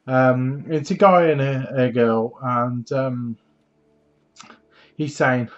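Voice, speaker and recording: A man's voice: medium pitch, steady tone, slow, long pauses, lo-fi sound. A man hosting a gaming channel, casually recapping a trailer in a chatty, rambling way full of fillers.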